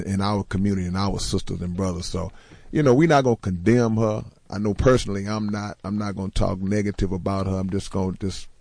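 A man's voice: lowish voice, a little mellow, dry recording. A man in a casual podcast chat, speaking earnestly and emphatically about values.

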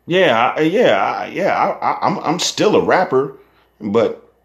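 A young Bay rapper rants in a heated, profane monologue. His pitch swings widely as he fires off rhetorical questions, and he keeps a slow, deliberate pace. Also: sing-song, creaky. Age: young adult.

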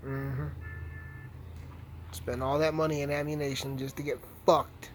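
A man's voice: mid-range voice, little pitch movement, a little slow, a little hiss or hum, poor audio. A young man giving rambling, profane, trash-talking commentary while playing a video game. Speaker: gaming streamer. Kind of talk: casual gameplay commentary.

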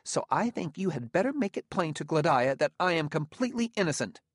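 A man's voice: a little high, big pitch swings, no room sound, clean studio sound, pitched above the performer's own voice. Man voicing a touchy, indignant young courtier. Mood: defensive. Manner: tense, quick and indignant. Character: young defensive male courtier, touchy and proud.

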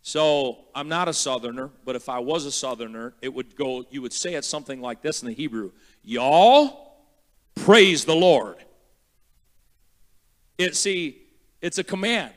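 A man preaching as a guest pastor, emphatic and repetitive, slowing down to spell out words and building to loud praise. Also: medium pitch. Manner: repeats words slowly for teaching. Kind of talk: sermon.

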